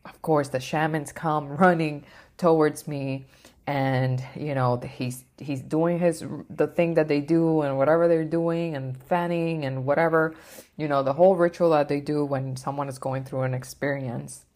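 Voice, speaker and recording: A woman's voice: low-pitched, fairly even intonation, moderate pace, a little mellow. A woman vlogger recounting a personal experience in a rambling way, full of fillers and restarts. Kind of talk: personal storytelling.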